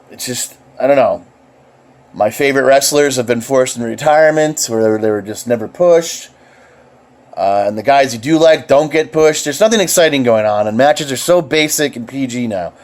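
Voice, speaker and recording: A man vlogging casually, excitable and rambling, swearing freely and restarting his sentences. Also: mid-range voice. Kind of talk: casual rambling opinion vlog.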